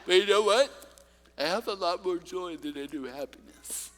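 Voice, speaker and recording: A high-voiced man delivers a church sermon at normal speed, sharing funny stories from his own life and then shifting to sincere encouragement. The sound has a long reverb tail and slight background noise.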